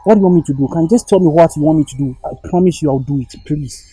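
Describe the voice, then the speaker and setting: A man's voice: on the high side, rapid-fire, dark tone, slightly rough, dry recording, rough recording. A man playing a desperate young boyfriend who begs his girlfriend for another chance, with a Ghanaian accent. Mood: pleading. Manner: pleading, repeats her name.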